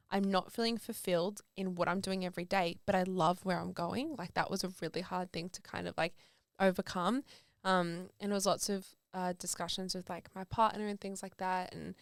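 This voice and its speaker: A woman's voice: on the low side, steady tone, normal speed, creaky, dry recording, studio quality. A woman, a podcast guest chatting casually, laughing often and filling with "like" and "um". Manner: chatty, laughs often, many likes and ums. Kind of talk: casual chat.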